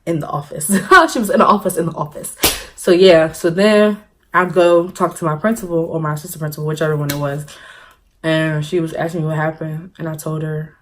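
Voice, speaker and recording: Animated young woman telling a story. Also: deep voice, a little fast, a little hiss or hum. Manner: animated, laughing, acts out quotes. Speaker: vlogger. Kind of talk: story time vlog.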